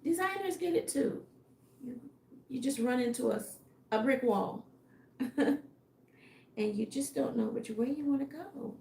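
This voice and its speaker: A woman, a fashion designer, musing aloud in a casual live stream with a tired, fading voice, halting and unsure of her next step. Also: a little high, warm tone. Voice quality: gravelly. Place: home workroom. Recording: echoey room.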